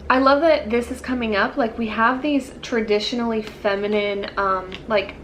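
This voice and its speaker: A woman's voice: a little high, fairly even intonation, normal speed, a bit bright, slight background noise, poor audio. Chatty woman giving a tarot reading. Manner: rambling, filler-heavy, searching for words. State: yawning. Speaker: tarot reader. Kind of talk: pick-a-card tarot reading.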